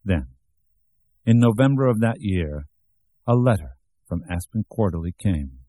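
A man narrating an audiobook with measured, even storytelling. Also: lowish voice, slightly rough, dry recording. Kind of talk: scripted narration.

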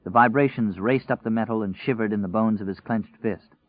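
A man narrating a dark story in a measured, tense storytelling voice. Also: fairly low pitch, no room sound. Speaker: audiobook narrator. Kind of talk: dramatic scripted narration. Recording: tinny, phone-like and dry.

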